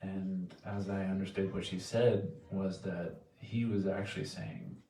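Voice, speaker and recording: A man giving a heartfelt devotional offering in a temple hall, earnest and soft-spoken, halting and restarting his sentences. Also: low-pitched, fairly even intonation. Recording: echoey room, distant mic, faint noise.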